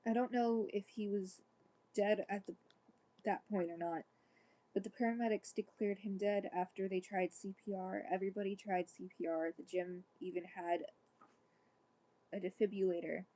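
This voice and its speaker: Mellow woman reading a story aloud. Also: mid-range voice, steady tone, moderate pace, low-quality recording. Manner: reads evenly, breaks off into casual asides.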